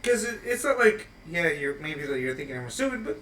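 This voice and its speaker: A man from Los Angeles hosting a casual podcast chat, an animated storyteller who laughs through his stories. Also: a little high, brisk, reverberant, recorded from a distance, a little hiss or hum. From Los Angeles, USA. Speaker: podcast host. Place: podcast studio.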